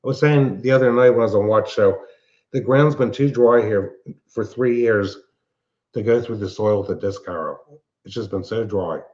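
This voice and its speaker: A man chatting as a guest on a live stream panel, relaxed and a little hesitant. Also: on the low side, moderate pace, highs cut off. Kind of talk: casual live stream chat.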